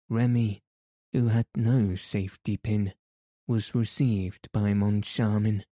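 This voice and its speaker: A man reading a novel aloud in steady, deliberate scripted narration. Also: fairly low pitch, no room sound, studio quality. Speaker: audiobook narrator.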